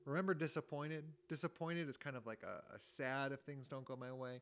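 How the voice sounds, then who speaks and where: A man teaching young children about emotions, gently explaining each word and acting out the feelings with sighs and groans, with chatty asides. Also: mid-range voice, a little fast, a little hiss or hum. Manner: chatty asides, thinks aloud. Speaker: music teacher. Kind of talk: children's lesson with guitar. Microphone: home recording mic. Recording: guitar music under the voice. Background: guitar chords under the voice.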